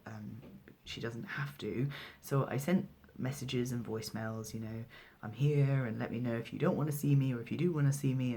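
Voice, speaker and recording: A young trans man, a midwife, telling a personal story casually to camera, hesitant, with many fillers and restarts. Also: medium pitch. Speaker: midwife and vlogger.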